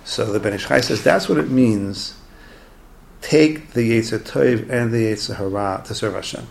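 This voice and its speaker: A man teaching a Torah class through animated, conversational storytelling. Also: on the low side, normal speed, creaky, slight background noise.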